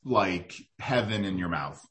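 A man's voice: sits low, lively intonation, a little slow, a bit bright. Rambling man chatting on a podcast. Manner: rambling, full of fillers and restarts. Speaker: guest food reporter. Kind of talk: casual podcast chat.

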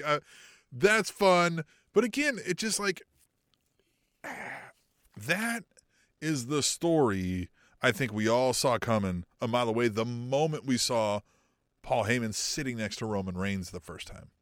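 Animated man on a wrestling podcast. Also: medium pitch, moderate pace, dry recording, studio quality. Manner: animated, swears freely, acts out wrestlers' lines. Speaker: podcast co-host. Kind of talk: casual chat.

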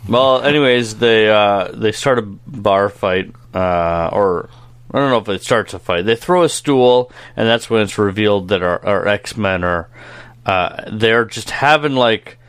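A man's voice: lowish voice, a little slow, a bit bright, clean tone, no echo. A man co-hosting a casual cartoon review podcast, joking, rambling and laughing often. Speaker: podcast co-host.

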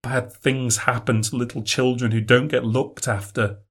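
A man voicing a stern, bossy little girl of about six in a spoken ghost story, speaking quietly and firmly. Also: medium pitch, little pitch movement, moderate pace, breathy edge. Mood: scolding.

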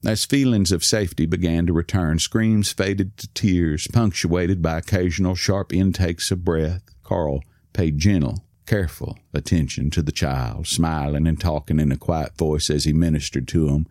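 A man narrating a story in a calm, measured reading. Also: low voice, no room sound, studio quality. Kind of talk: scripted narration.

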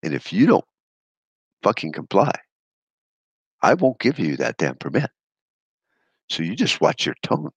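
A man's voice: deep voice, very animated, unhurried, pauses often, husky, no room sound, pitched above the performer's own voice, exaggerated voice. A man voicing a smug male zoning director who scolds and threatens, swearing as he lays down the law. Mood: smug scolding. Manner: condescending, threatening, profane.

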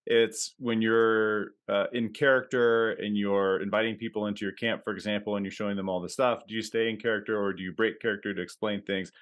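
A man co-hosts a podcast in a relaxed chat, his voice sitting a little low. He pauses and restarts often as he works through his thoughts out loud. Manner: halting, thinks aloud with many "uh"s. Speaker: podcast co-host, novelist. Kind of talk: casual interview chat.

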